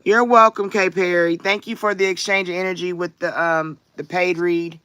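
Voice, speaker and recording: A woman's voice: lowish voice, fairly even intonation, moderate pace, fairly bright tone, clear, resonant tone, no echo. A woman hosting a live tarot reading stream, chatting casually and answering viewers by name. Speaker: tarot reader and livestream host. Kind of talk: casual livestream chat.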